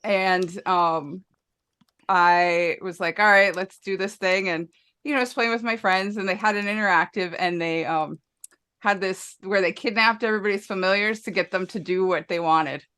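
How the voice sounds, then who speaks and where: A woman's voice: medium pitch, normal speed, a bit bright, clean tone. A woman guest in a casual podcast chat, telling stories about her old tabletop gaming days and laughing often.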